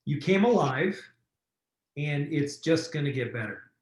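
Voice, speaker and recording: A man's voice: a little high, animated, measured pace. Encouraging man hosting a call, echoey. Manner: encouraging, enthusiastic. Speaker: program host. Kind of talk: casual group call hosting.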